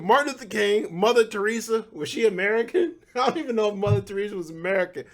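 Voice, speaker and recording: A man's voice: high-pitched, animated, fast, hardly any pauses. A man in his thirties hosting his own podcast, talking casually with laughing asides and frequent restarts. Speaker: podcast host. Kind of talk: casual solo commentary.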